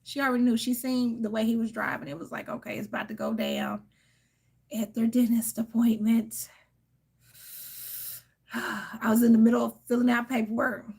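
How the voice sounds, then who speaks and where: A woman in her thirties talks straight to her audience in a loose, venting chat. Her voice sits a little high with a gravelly fry running through it. She speaks frankly and with emphasis, calling her listeners "honey" and "y'all.". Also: big pitch swings, normal speed, pauses often, darkish tone. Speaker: tarot reader reading live chat.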